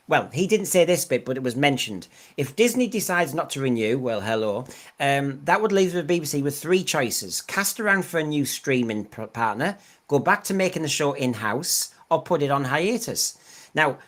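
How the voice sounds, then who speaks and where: A podcast host reading through the news in a loose, rambling way, with plenty of ums along the way. The voice sits at an ordinary middle pitch. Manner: rambling, chatty, filler-heavy. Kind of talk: casual news chat.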